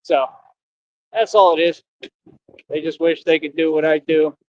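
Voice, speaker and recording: Slangy, confrontational male streamer, fairly high voice, rambling outdoors near traffic; lo-fi stream sound. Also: fairly even intonation, unhurried, a little mellow, no room sound. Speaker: costumed livestreamer. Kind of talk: casual rambling livestream talk. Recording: dull lo-fi stream audio.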